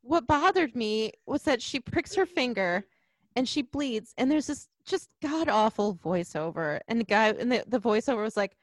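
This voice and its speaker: A woman's voice: on the high side, lively intonation, moderate pace, dry recording. A woman chatting casually about a movie she disliked, blunt and sarcastic, often laughing at it. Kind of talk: casual movie review chat.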